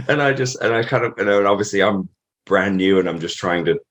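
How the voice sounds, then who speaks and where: A man's voice: fairly low pitch, moderate pace, fairly bright tone, slight background noise. A British man in his thirties, a guest telling stories in a casual interview, rambling with many fillers and restarts. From Britain.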